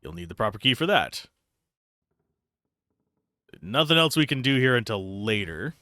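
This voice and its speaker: A man's voice: lowish voice, very animated, normal speed, bright, forceful tone, dry recording. A man streaming a role-playing game, chatting casually and reading the game text aloud. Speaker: let's play streamer. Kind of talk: casual gameplay commentary.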